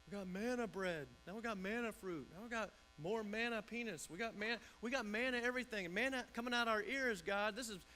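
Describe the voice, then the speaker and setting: A man's voice: high voice, a little fast, few pauses, pushed and bright, a little hiss or hum. A man voicing a grumbling crowd of adult wanderers who whine and complain. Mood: whining. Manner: complaining, whining.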